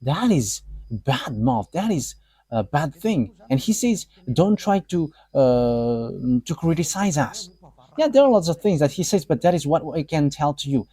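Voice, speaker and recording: A man's voice: a little high, big pitch swings, moderate pace, dark tone, husky. A man giving a live religious teaching, talking hesitantly with many fillers and restarts and laughing often.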